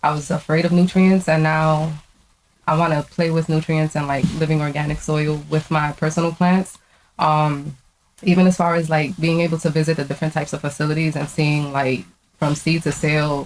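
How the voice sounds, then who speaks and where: Low-voiced woman, eager student. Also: a little hiss or hum, low-quality recording. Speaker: student interviewee. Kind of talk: interview answers.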